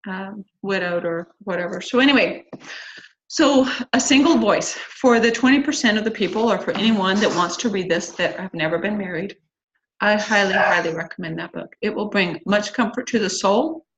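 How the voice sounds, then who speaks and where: A woman's voice: mid-range voice, moderate pace, slight background noise. Chatty middle-aged woman, lo-fi recording. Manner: chatty, rambling, candid, many fillers and asides. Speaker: host of a church singles class. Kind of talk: casual talk to a church group. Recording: slightly dull lo-fi recording.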